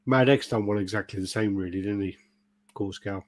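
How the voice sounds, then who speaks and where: A man's voice: on the low side, a little fast, no room sound. A British man hosting a podcast, telling stories in casual chat, swearing and acting out quotes. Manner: swearing storyteller, acts out quotes. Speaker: podcast host.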